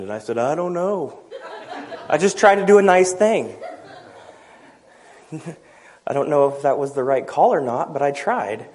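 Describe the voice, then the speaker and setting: Guy preaching, tells his story, does the voices, laughs at himself, mid-pitched voice. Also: darkish tone. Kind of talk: sermon with personal story.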